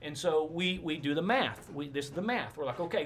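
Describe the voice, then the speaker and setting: A man, a pastor, telling stories in a casual interview, rambling and animated with many asides. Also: on the high side, a little fast, slight background noise.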